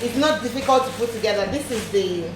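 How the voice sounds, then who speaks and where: A young woman in a casual home vlog unboxing a baby product. She talks chattily, repeats her phrases and gushes about how nice it is. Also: fairly quick. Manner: turns high and sing-song when talking to her toddler. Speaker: vlogger reviewing a baby product. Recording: echoey room with background noise.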